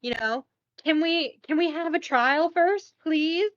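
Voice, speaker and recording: A woman's voice: slow pace, no room sound, dull audio. Woman putting on a meek, whiny cartoon king. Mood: pleading. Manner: whiny high-pitched pleading. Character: meek pleading cartoon king, adult man.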